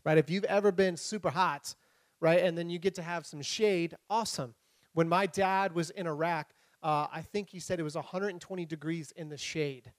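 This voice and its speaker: A young man preaching a sermon, retelling scripture with lively humor, playful voices and sound effects. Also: high voice, no echo. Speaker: pastor.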